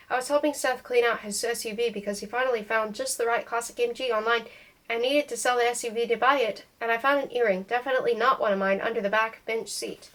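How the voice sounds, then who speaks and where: A woman's voice: on the high side, rough recording. A woman reading a novel aloud in first-person narration, voicing the dialogue as she goes. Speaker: audiobook reader.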